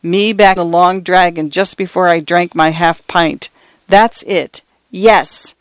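A man voicing a panicky, bewildered ordinary man in an audiobook, pleading and shouting in alarm. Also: sits high, fairly even intonation, slow pace, clear, resonant tone, no room sound. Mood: pleading commands. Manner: frantic, pleading, rising to shouts. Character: bewildered panicky ordinary middle-aged man, common-spoken. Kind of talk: audiobook character voice.

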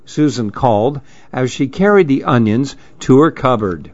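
A man hosting a program, reading a children's story aloud in a gentle, measured way. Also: mid-range voice, animated, no room sound, muffled recording.

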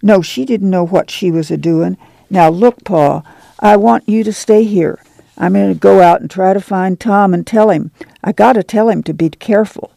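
A man's voice: sits high, normal speed, vocal fry, no echo. Man doing a stern mother, raised voice. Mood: firm. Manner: firm, hushed and protective. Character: weary, stern rural mother of a migrant family. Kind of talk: audiobook character voice.

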